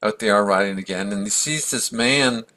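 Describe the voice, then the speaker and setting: A man's voice: fairly low pitch, moderate pace, bright, forceful tone, poor audio. A man giving a casual, rambling storytelling talk as a meditation teacher, with easy fillers and restarts.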